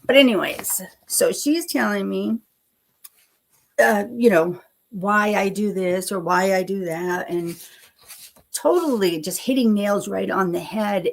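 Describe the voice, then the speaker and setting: Slow-talking gravelly woman, chatty and rambling. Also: medium pitch. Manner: chatty, self-deprecating, laughs often, swears casually. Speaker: live stream host. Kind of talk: rambling casual live chat.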